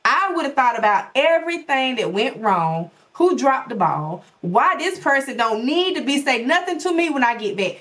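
Woman host, casual direct-to-viewer commentary; animated, folksy, big pitch swoops. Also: normal speed, few pauses. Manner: animated, folksy, talks straight to her audience. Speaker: podcast host.

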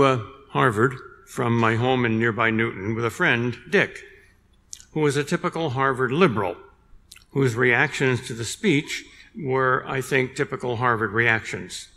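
An older man giving a public lecture, telling a story in a measured way with dry humor. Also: mid-range voice, fairly bright tone, a little hiss or hum. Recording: long reverb in a large hall.

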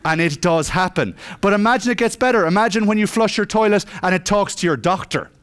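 A man's voice: sits high, animated, fairly quick, clean tone. Joking man giving a tech talk. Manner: joking, self-mocking, acts out dialogue. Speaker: conference speaker. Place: conference hall stage.

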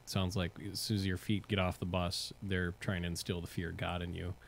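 Host guy, really low voice, just asking quick questions. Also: level tone, creaky, slight background noise. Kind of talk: interview questions.

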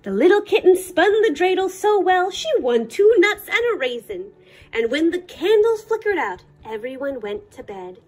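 A woman librarian reading a children's picture book aloud in an expressive, sing-song way. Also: extremely high pitch, normal speed, soft background music. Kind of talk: storybook read-aloud.

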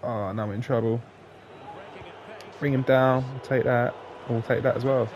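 A man giving live, sweary commentary on his own football video game, jumping between excited shouts and flat grumbling. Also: medium pitch, normal speed, pauses often, slight background noise. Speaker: gaming YouTuber.

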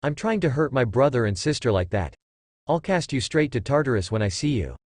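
A man's voice: mid-range voice, big pitch swings, a little fast, a little mellow, dry recording, studio quality. Hero: male narrator voicing an enraged young man in demon fox form, altered, snarling. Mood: furious. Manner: snarling, furious.

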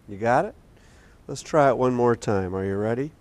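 A man hosting a children's TV show, talking gently and patiently to young kids and a puppet in a studio. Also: medium pitch, fairly quick. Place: community TV studio.

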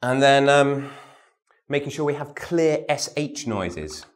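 A man teaching a vocal warm-up lesson. He demonstrates syllables and tongue twisters, repeats them, and gives the learner encouraging instructions. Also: mid-range voice, lively intonation, takes it slowly. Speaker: speech and voice teacher.

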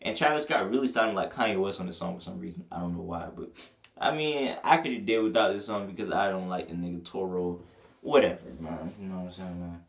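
A man's voice: sits low, fast, gravelly. A man giving a casual, profane album review, full of slang and breaking into bits of the lyrics. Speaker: music reviewer.

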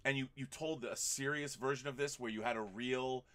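Bright-voiced enthusiastic male host. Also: mid-range voice, steady tone, brisk. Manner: enthusiastic, digressive, talks in long run-on thoughts. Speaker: podcast host. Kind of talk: casual movie chat.

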